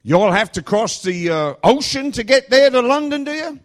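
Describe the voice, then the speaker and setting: A man voicing a slow, suspicious barefoot Southern driver in a put-on drawl. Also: extremely high pitch, sing-song, voice pushed up. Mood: puzzled.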